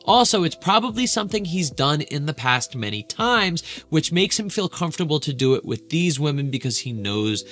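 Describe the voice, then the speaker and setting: Male relationship coach, bright forceful delivery, candid and profane reaction commentary. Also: on the high side, very animated, normal speed, few pauses. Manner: casual, frank, swears freely.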